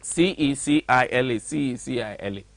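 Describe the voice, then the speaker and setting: A man's voice: medium pitch, moderate pace, creaky, no echo. A man with a Ghanaian accent hosting a radio show, reading a letter aloud and interjecting with mocking commentary. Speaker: radio host. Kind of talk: commentary mixing English and Twi. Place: radio studio.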